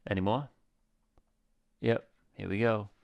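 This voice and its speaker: A man's voice: lowish voice, steady tone, takes it slowly, gravelly, a little mellow, highs cut off. A man casually thinking aloud and swearing while commentating his own gameplay. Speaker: gaming YouTuber. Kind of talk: let's-play commentary.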